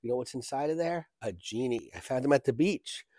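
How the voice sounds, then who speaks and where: A man's voice: mid-range voice, lively intonation, a little fast, warm tone, no room sound. A man demonstrating a magic trick, telling a joking story as a chatty showman. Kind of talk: comic storytelling trick patter.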